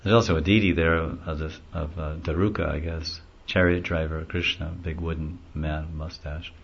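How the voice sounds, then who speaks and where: A man's voice: a bass voice, fairly even intonation, moderate pace, creaky, slightly rough. A man giving a devotional lecture in a conversational, rambling storytelling way. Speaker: devotional class speaker. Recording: dull lo-fi recording.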